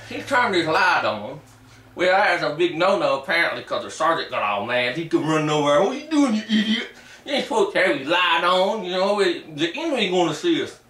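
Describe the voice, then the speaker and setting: A man's voice: fairly high pitch, bright, forceful tone, far from the mic. A man doing a boastful, simple-minded backwoods ex-soldier. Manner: rambling folksy storytelling, ungrammatical rural dialect. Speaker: comic character. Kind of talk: comic character monologue. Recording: roomy echo, voice away from the mic.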